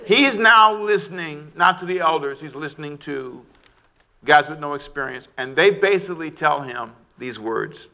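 A middle-aged man preaching a sermon, animated and shouting at times, calling for amens from the congregation. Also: on the high side, normal speed. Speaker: pastor.

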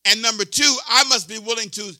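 A man in his sixties preaches with a high, piercing tone, leaning hard on repeated words and calls for response. The sound is dry and close, with no room around it. He swings between quiet asides and loud exhortation. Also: steady tone, a little fast, no echo. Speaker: pastor. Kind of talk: sermon.

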